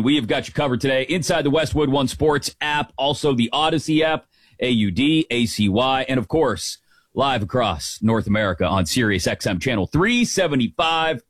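A man hosting a live sports talk radio show, chatty and energetic as he runs through the day's stories. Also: mid-range voice, no echo. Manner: energetic, chatty, rattles off details. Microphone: studio microphone.

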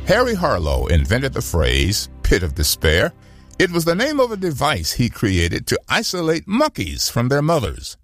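A man giving a scripted devotional radio reading with a dramatic, expressive delivery. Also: mid-range voice, dry recording, studio quality.

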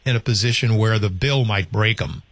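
A man's voice: fairly low pitch, normal speed. A man hosting a call-in radio talk show, chatting in a loose, rambling way with many restarts, speaking into a studio microphone.

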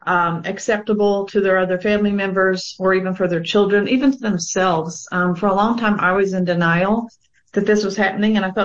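A woman's voice: medium pitch, steady tone, fairly quick, dull audio. A woman sharing her personal experience in a panel discussion, earnest and reflective, with frequent fillers. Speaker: guest sharing her own story of abuse.

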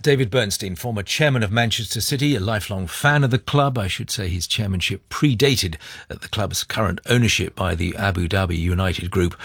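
A man presenting a live radio discussion from a studio, asking questions in a measured, courteous way. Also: low voice, a bit bright, slightly rough, no echo.

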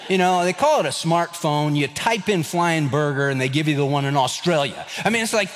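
Pastor in his fifties, animated. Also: fairly high pitch, fairly quick, hardly any pauses, big-room sound. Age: 50s. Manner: animated storyteller, acts out dialogue. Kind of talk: sermon with personal story.

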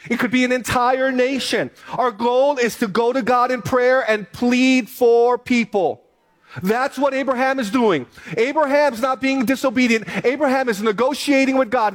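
A man with a high voice preaches a sermon, reading scripture and then driving his points home with repeated phrases. He speaks to his congregation with steady emphasis. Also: normal speed. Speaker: pastor.

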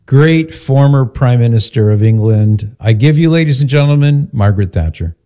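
A man's voice: mid-range voice, animated, moderate pace, mellow. A man hosting a talk radio show, joking and teasing his co-host. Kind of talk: casual talk radio banter.

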